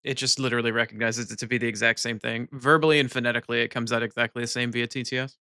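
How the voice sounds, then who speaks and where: A man's voice: medium pitch, steady tone, racing, bright, forceful tone, smooth, no room sound, studio quality. A young American man chatting casually on a live stream, reading chat aloud and laughing often.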